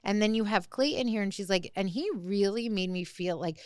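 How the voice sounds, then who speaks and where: Young woman, podcast co-host, smooth clear voice, dry close mic, chatty recap style. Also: medium pitch, fairly quick, dry recording. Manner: animated recapping, heavy use of "like". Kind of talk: casual chat.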